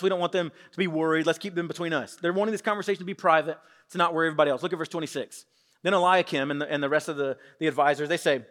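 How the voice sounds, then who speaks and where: Fast-talking animated pastor in echoing hall. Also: male voice, on the high side. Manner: animated, acts out quotes with voice shifts. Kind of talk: sermon. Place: church sanctuary with congregation. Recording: long hall reverb.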